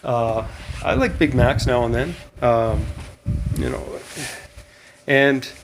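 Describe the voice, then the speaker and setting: Guy rambling about his day, tired, lots of ums and little laughs, mid pitch. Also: takes it slowly, gravelly, noisy background. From Canada. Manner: rambling, chuckling, many fillers and restarts. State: tired after a long day of running. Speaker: vlogger on a cross-country run. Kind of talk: casual spoken vlog diary.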